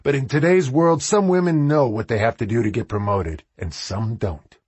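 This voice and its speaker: A man's voice: medium pitch, moderate pace, darkish tone, husky, no room sound, highs cut off, pitched above the performer's own voice, close to an everyday voice. A man doing a curt, sleazy office boss. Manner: curt and evasive. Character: defensive, sleazy middle-aged male boss.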